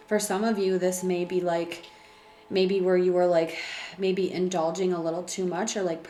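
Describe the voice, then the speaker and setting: Female tarot reader, casual and emotive, lower pitch, roomy home recording. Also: darkish tone, a little hiss or hum. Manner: chatty, filler-heavy, emotional and laughing. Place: room at home by a window.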